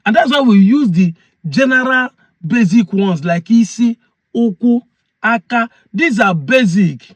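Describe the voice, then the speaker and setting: Speaking a little slowly in a very high, animated voice, this Igbo-accented Nigerian chief earnestly explains his point. He repeats key phrases to hammer them home, and the recording has no room sound.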